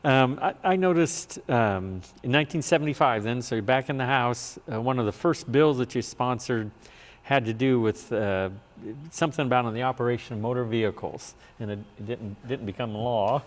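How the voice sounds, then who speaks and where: A man interviewing a former legislator for an oral history, asking gentle follow-up questions. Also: medium pitch, moderate pace, long reverb tail.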